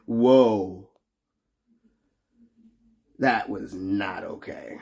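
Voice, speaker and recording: A man's voice: lowish voice, lively intonation, drawn-out words, creaky, long pauses, husky. A young adult man livestreaming, chatting with his viewers in a teasing, profane, joking way. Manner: profane, teasing banter with frequent laughs. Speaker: livestreamer reading chat. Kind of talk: casual livestream chat.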